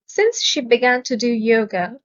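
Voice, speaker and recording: A woman teaching English vocabulary in a measured, clearly enunciated way, stressing each syllable. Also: on the high side, very animated, lo-fi sound. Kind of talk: slow, careful vocabulary lesson.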